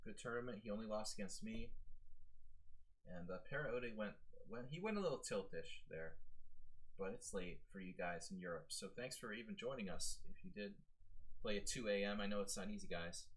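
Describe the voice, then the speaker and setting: Male chess streamer, low-pitched, loose chatty talk to his viewers. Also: a bit bright, low-quality recording. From American. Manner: chatty, rambling, lots of fillers. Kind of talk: casual live-stream commentary.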